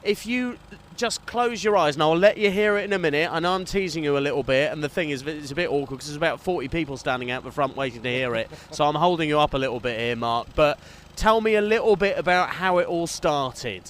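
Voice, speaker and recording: A man's voice: fairly high pitch, fast, a bit bright. A man hosting on-location interviews outdoors at a fair, chatty and enthusiastic, teasing his guest. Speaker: radio presenter interviewing at a steam fair.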